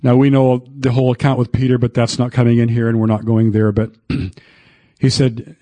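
A man's voice: mid-range voice, flat delivery, normal speed, mellow, no room sound. An older man, a pastor, preaching a folksy, emphatic sermon and breaking into old hymns.

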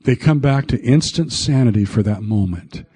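A man's voice: medium pitch, animated, moderate pace, warm tone, husky. An older man, a pastor, preaching a folksy, emphatic sermon and breaking into old hymns.

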